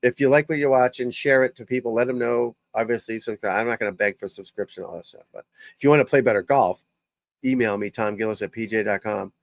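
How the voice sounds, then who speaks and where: A man's voice: mid-range voice, fast talker, no room sound. An older man, a golf coach, hosting a casual live stream and talking bluntly and profanely, rambling from one thought to the next.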